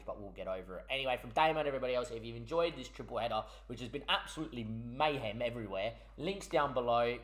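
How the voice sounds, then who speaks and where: A young man, a gaming YouTuber ranting through heated, swearing commentary on a match result. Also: medium pitch.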